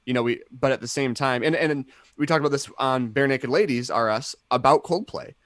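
A young man talks casually and enthusiastically, restarting his sentences and filling gaps as he rambles. His voice sits at an ordinary middle pitch. The recording is dry and close, with no room sound. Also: brisk, fairly bright tone, no room sound. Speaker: podcast co-host. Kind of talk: casual chat.

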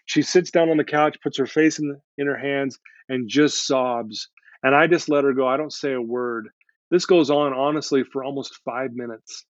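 A man's voice: mid-range voice, steady tone, moderate pace, dry recording. A man earnestly retelling a counseling conversation, often restarting his sentences. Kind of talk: storytelling in conversation. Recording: dull lo-fi dry sound.

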